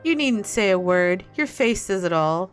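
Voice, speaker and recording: A woman's voice: medium pitch, animated, moderate pace, smooth, close to an everyday voice. Woman reading a self-doubting young female receptionist from a game, earnest, close to her own voice. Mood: dejected.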